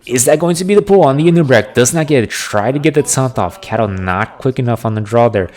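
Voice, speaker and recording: A male esports caster calling a match live, breaking down plays in quick analytical commentary. His voice sits in an ordinary middle pitch and jumps up with excitement when a fight breaks out.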